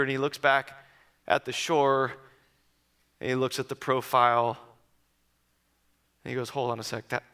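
A pastor preaches to his church in a bright, slightly high voice. He tells the story with sudden hushed drops and building emphasis. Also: smooth. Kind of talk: sermon.

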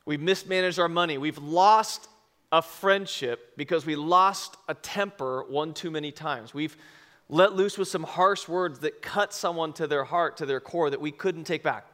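A man preaching a sermon to a congregation, telling a personal story with lively acted-out quotes and sudden shouts. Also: on the high side, unhurried. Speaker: pastor. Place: church service before a congregation.

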